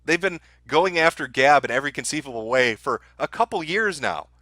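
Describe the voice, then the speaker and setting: A man's voice: on the high side, animated, a little fast, pushed and bright, no echo. Profane, ranting male livestreamer. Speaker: livestream host. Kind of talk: heated livestream rant.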